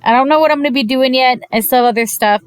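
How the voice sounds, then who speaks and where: A woman giving a casual, animated recap of an anime episode, gushing and exasperated by turns, slipping into quick quoted voices of the characters. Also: sits high, smooth, no room sound. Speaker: anime reviewer.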